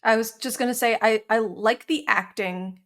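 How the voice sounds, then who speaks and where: Woman co-host, measured and halting. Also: a little high, a bit bright. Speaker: podcast co-host. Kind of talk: casual podcast discussion.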